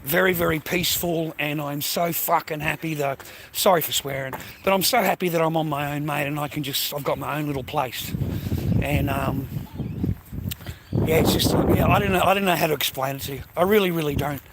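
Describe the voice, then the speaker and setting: Brisk and gravelly, with a voice a little on the high side, an Australian vlogger chats aimlessly to his phone as he walks. He swears without restraint and keeps calling people mate and bro, over a noisy background.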